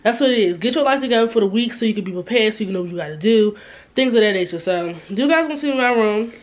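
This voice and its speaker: A woman's voice: a little high, lively intonation, quick pace. A woman in her twenties, chatting casually to her camera as a vlogger, full of fillers and asides to viewers, first in a store and then in her bedroom. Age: 20s. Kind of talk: casual vlog chat to camera. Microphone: camera held or set up by herself.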